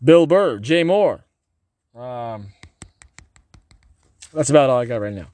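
A man giving a rambling, erratic, profane monologue, swinging between low muttering and loud outbursts. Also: animated, slow pace, dry recording.

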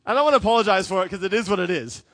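A man preaching a sermon as a pastor, telling stories with lively acted quotes. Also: high voice, racing, dry recording. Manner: animated storytelling with acted quotes.

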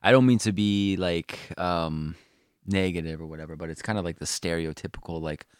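Podcast co-host, male, very low voice, dry close sound, rambly and casual with filler words. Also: brisk, clear, resonant tone, dry recording. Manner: rambling, heavy use of "like" fillers, swears casually. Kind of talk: casual chat.

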